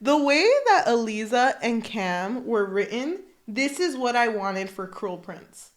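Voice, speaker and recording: An animated woman co-hosting a casual book chat, her voice pitched a little high. She breaks into the characters' lines as she retells scenes. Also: a little slow. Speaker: podcast co-host.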